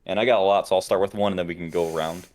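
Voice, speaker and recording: A young man co-hosting a podcast, telling animated stories in casual chat and swearing often. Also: deep voice, racing, crowd noise. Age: young adult. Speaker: podcast co-host.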